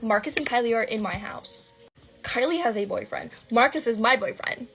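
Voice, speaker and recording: A young adult woman vlogger telling a dramatic personal story, animated and breathless, with lots of fillers and swearing. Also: a little high, normal speed, soft background music.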